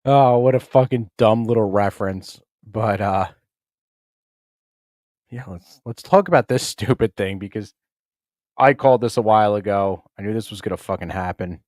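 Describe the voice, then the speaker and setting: Man, podcast host, casual chat, low voice, profane, offhand impressions, dry close mic. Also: moderate pace, darkish tone, no echo.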